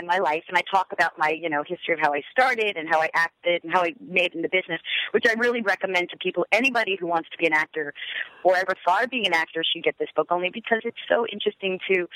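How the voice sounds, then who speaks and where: A middle-aged actress calling in as a guest, chatting enthusiastically with many fillers. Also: female voice, fairly low pitch, a bit bright, no echo, rough recording. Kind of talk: phone-in interview.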